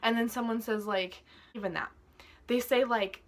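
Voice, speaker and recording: A young woman venting to camera about pet peeves, profane and exasperated, her voice rising into loud outbursts. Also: on the high side, fairly even intonation, normal speed. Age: young adult. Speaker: vlogger.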